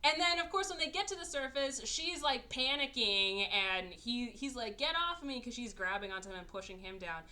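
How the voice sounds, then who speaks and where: A woman's voice: on the high side, normal speed, hardly any pauses, bright, forceful tone. A woman podcast host in casual chat, sarcastically recapping a movie and acting out its characters in exaggerated voices.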